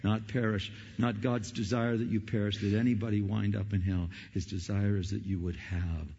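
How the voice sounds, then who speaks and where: Gravelly preacher man in a reverberant hall. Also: flat delivery, moderate pace, muffled recording, slight background noise. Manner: impassioned, rising to loud questions, then dropping low and soft. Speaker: pastor. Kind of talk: evangelistic Christmas sermon. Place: church sanctuary.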